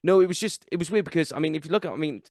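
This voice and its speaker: A man with a South Welsh accent hosting a podcast, telling stories in an animated, excitable way. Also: fairly high pitch, rapid-fire, no echo, clean studio sound. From South Wales. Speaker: podcast host. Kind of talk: casual podcast chat.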